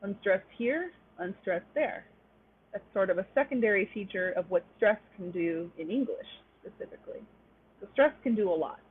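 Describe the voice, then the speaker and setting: A woman's voice: medium pitch, lively intonation, moderate pace, slightly rough. A woman presenting an online linguistics lecture, explaining step by step and checking in with "right?". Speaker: webinar presenter. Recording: tinny phone-like webinar audio.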